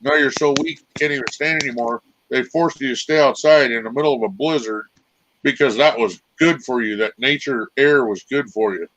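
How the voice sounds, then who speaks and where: Man, co-host, wry teasing manner, forceful bright tone, dry sound. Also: mid-range voice, brisk, dry recording, low-quality recording. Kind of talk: casual chat.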